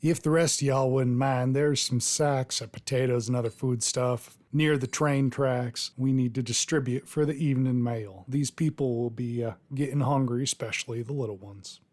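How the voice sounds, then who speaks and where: A man running a tabletop game as game master, narrating scenes in an unhurried, descriptive way. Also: mid-range voice, fairly even intonation, darkish tone.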